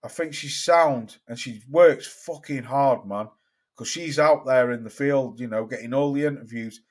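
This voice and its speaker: A man's voice: medium pitch, moderate pace. A man with a London accent hosting a casual live stream about boxing, answering viewers and swearing freely as he gives his opinions. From England. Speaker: boxing channel host.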